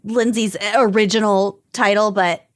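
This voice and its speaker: A woman's voice: mid-range voice, fairly even intonation, a little slow, dry recording, studio quality. A woman co-hosting a podcast, chatty and giggly in casual conversation. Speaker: podcast co-host. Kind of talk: casual chat.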